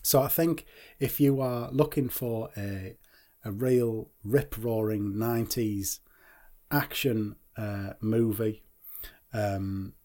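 A man's voice: on the low side, steady tone, mellow. A man co-hosting a casual film podcast, agreeing and laughing easily as he talks through favourite lines. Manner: easygoing, agreeable, quick to laugh. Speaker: podcast co-host.

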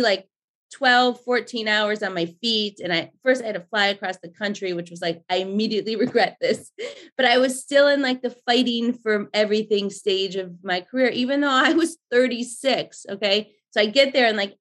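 A woman in her forties, a podcast guest, telling stories in a lively, chatty way and swearing freely. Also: medium pitch. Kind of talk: casual storytelling chat.

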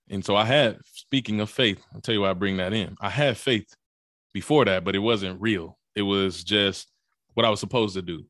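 Young man, low voice, dry close-mic sound; animated, punchy storyteller for a personal testimony. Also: no room sound. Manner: animated, punchy storyteller, rising high for tense moments. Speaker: guest speaker.

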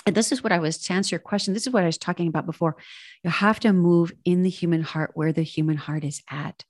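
A woman guest speaks with a slightly low voice, recounting events in a lively, animated way. She acts out the back-and-forth of other people's words as she goes. The sound is dry and close. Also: fast talker, no echo. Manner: animated, acts out quoted dialogue. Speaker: guest, ministry president. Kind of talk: casual interview storytelling.

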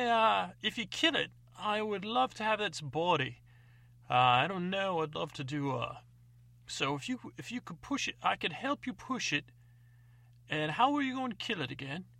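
A rambling old soap maker, put on by a man in a high, gravelly voice full of folksy hesitations. He sounds crisp and bright, recorded close and dry with no room around him. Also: expressive, moderate pace, dry recording, heavily acted.

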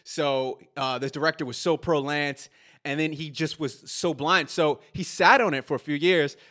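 A male podcast host with a slightly raised pitch chats casually. He tells his stories with animation and swears freely along the way. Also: steady tone, normal speed, sharp tone.

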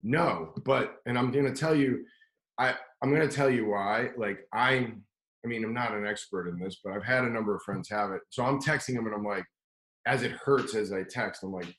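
Man, casual storyteller, rambling and profane, lowish voice, roomy echo. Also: normal speed, a bit bright. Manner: rambling, profane, lots of "like" and restarts. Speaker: podcast guest telling a story. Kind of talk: casual chat.

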